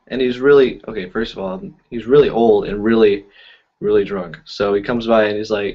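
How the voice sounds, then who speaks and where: A man's voice: medium pitch, normal speed. A man who is a magician, chatting casually on a live stream and telling rambling stories full of fillers. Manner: rambling, filler-heavy storytelling. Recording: dull lo-fi audio.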